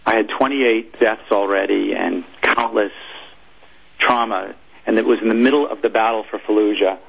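Guy with a low raspy voice, ex-chaplain telling his story, keeps stopping and repeating himself, kinda muffled lo-fi audio. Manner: halting, restarts and repeats words. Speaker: former military chaplain, interview guest. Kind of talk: personal storytelling in an interview.

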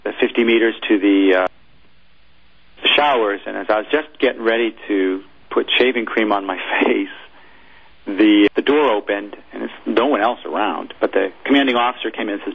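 Guy with a low raspy voice, ex-chaplain telling his story, keeps stopping and repeating himself, kinda muffled lo-fi audio. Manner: halting, restarts and repeats words. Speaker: former military chaplain, interview guest. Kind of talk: personal storytelling in an interview.

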